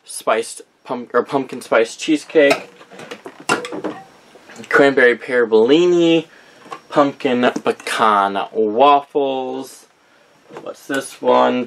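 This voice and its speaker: Young guy rambling slowly thru a list, keeps fixing his own slips, mid pitch. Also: vocal fry, a bit bright, slight background noise. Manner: rambling, reads out names with frequent self-corrections. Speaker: vlogger showing a candle collection. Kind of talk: casual chat.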